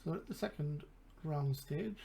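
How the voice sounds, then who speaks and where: A man's voice: a little high, measured pace, gravelly, dark tone, slight background noise. A man with an English accent, casually commentating a game and thinking aloud with mumbled asides. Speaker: gaming channel host.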